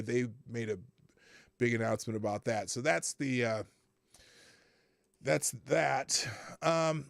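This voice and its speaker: A man hosting a live political commentary show, animated, sarcastic and profane as he reads out the news. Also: mid-range voice, vocal fry, dry recording. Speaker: host.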